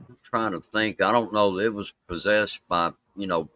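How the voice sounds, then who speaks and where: A man with a Southern Mississippi accent, answering interview questions in a relaxed, halting way with lots of fillers. His voice sits fairly low and sounds dry and close to the mic, with no room around it. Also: no room sound, low-quality recording. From Mississippi, USA. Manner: halting, many fillers and restarts. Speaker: interview guest. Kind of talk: casual live-stream interview.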